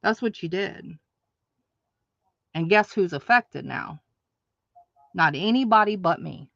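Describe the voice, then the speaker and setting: A woman with a bright, forceful voice vents at length to her livestream audience, hammering her points home with repetition and indignation. The sound is dry and a little dull, as if from a modest mic. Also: lowish voice, expressive, slow, gravelly, long pauses, no echo. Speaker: online craft market host. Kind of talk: ranting livestream monologue.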